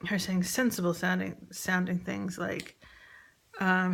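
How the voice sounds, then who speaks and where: A woman recounts a personal story in a quiet, confessional way. She halts often and restarts her sentences. Her voice carries a gravelly fry, and her pitch stays flat and even. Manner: halting, many fillers and restarts.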